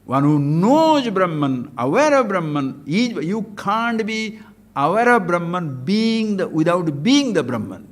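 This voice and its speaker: Older male spiritual teacher, slightly high voice, lively discourse with chanted verses. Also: unhurried. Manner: animated, acts out quoted dialogue, chants Sanskrit verses.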